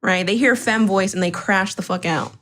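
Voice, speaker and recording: A woman's voice: mid-range voice, brisk, a bit bright. A woman co-hosting a livestream in casual chat, blunt and profane, mocking people in the chat.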